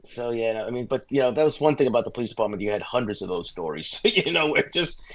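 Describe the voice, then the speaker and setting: Fast-talking middle-aged ex-cop storyteller. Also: male voice, mid-range voice. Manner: fast, animated anecdotes with restarts. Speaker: guest, former police sergeant. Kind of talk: casual podcast storytelling.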